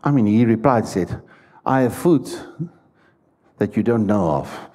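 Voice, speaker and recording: A man's voice: lowish voice, animated, a little slow, dark tone. A man preaching a sermon in a church, stressing his points and putting questions to the congregation. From South Africa. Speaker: pastor.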